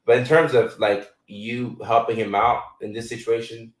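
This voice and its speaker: A man's voice: mid-range voice, little pitch movement, moderate pace, reverberant, recorded from a distance, rough recording. A man in his thirties, born in Ghana, hosting a casual live chat and answering viewer questions in a loose, filler-heavy way. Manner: loose and conversational, many fillers.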